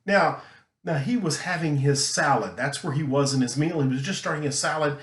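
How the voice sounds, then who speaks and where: A man teaching a recorded lesson, talking earnestly and emphatically, deliberately slowing his delivery. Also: on the high side, fairly bright tone. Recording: roomy echo.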